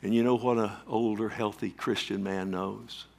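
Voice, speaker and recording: A man preaching a sermon, emphatic, calling out questions to the congregation and swinging between loud swells and quiet drops. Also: on the low side, fairly even intonation, moderate pace, vocal fry. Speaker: pastor.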